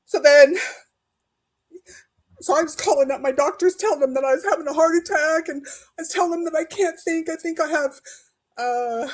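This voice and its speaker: A woman's voice: normal speed, pauses often. A woman telling an emotional personal story, rambling and restarting, her voice climbing and breaking into tears as she recalls pleading for help. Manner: tearful, voice rising high when quoting her own pleas. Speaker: guest sharing personal story.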